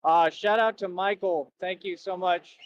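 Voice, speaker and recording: A man's voice: high-pitched, fairly even intonation, a little slow, dull audio. A man livestreaming outdoors near a road, rambling and repeating himself as he chats to viewers. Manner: rambling and repetitive, keeps saying "that's right". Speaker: livestreamer asking viewers for donations. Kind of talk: casual rambling livestream chat.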